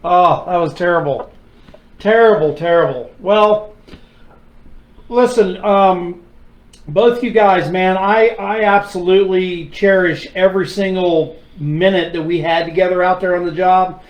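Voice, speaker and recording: A man hosting a casual chat, a blunt, animated storyteller who swears freely. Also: sits high, a little slow, lo-fi sound. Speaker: host. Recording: echoey room.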